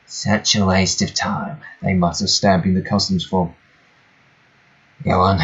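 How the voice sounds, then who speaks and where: A low-pitched man narrates a video game at an unhurried pace, with long pauses and fairly even intonation. His voice is a bit bright as he reads the game's text with mock-dramatic flourishes and dry joking asides. Faint music plays behind him in a slightly tinny room.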